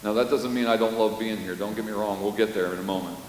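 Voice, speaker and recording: A man's voice: fairly low pitch, fast talker. Preaching man in an echoing hall. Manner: storytelling, animated, with sudden loud bursts. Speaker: pastor. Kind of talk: sermon. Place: church sanctuary. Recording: roomy hall reverb with faint hiss.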